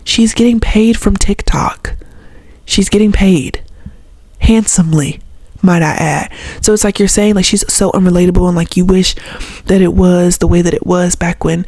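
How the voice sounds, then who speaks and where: A woman's voice: on the low side, fairly even intonation, normal speed, mellow, no room sound. A young woman from the Southern US with a Southern accent, ranting casually to camera in a blunt, sarcastic way and swearing freely. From Southern United States. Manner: blunt and sarcastic, swears freely, mimics others in mocking voices. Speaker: vlogger.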